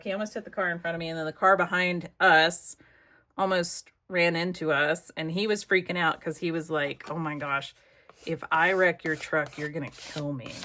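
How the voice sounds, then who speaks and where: Chatty American woman, low voice. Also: fairly bright tone. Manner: chatty, rambling, muttering asides to herself. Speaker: crafting vlogger. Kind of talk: casual storytelling while crafting.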